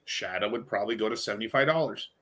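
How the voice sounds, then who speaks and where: A man hosting a casual crypto podcast, talking in an animated, slangy way. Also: on the low side, fast. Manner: animated, slangy, laughing often. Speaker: podcast host.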